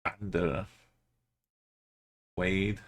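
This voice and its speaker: A man's voice: low-pitched, fairly even intonation, drawn-out words. A man streaming a game live, thinking aloud as he plays and chatting with his viewers.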